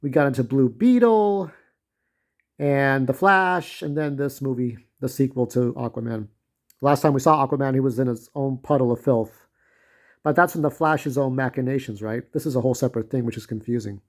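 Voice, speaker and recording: A man giving a casual spoken movie review, rambling and irreverent, with lots of filler pauses. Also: mid-range voice.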